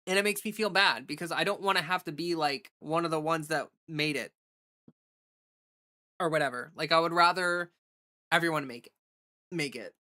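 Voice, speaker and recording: A woman's voice: sits low, moderate pace, long pauses, pushed and bright. A woman livestreamer in casual, rambling chat who thinks aloud and thanks viewers for donations.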